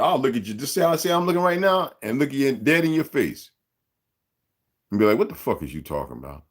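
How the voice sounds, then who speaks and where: A fairly low-pitched man in his sixties runs a livestream, ranting in a rambling, profane, streetwise way straight at his audience and chat.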